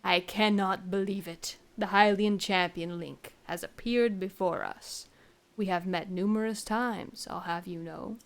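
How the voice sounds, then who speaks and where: A woman putting on an elderly giant king of a fish-like folk, kindly and dignified. He speaks slowly and formally, with a lowered, stately voice, as game dialogue read aloud. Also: steady tone, creaky. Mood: wistful. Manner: slow, measured and formal.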